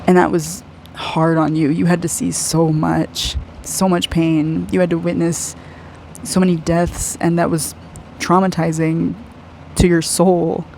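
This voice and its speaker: An aura reader giving a personal spiritual reading to one client, gushing and effusive, soft and earnest, often saying "like". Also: mid-range voice, flat delivery, a little slow, gravelly, a little hiss or hum, poor audio. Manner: gushing and effusive, heavy use of "like".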